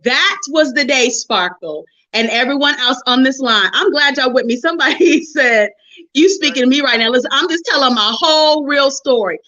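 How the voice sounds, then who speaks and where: A middle-aged woman hosting a relationship forum, telling her own story to listeners in a lively, preachy way and calling them honey and sis. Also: high-pitched, moderate pace, lo-fi sound. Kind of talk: personal testimony to listeners.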